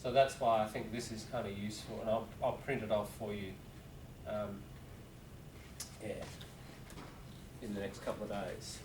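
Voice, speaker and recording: A man's voice: lowish voice, little pitch movement, moderate pace, pauses often, noisy background. A man teaching a class in a casual, rambling lecture with asides to students. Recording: roomy classroom, voice from a distance.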